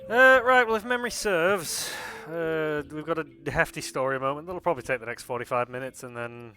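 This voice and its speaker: A man chatting easily about a video game, quick to laugh. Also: a little high, pushed and bright, soft background music. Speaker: co-host. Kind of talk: casual gameplay commentary.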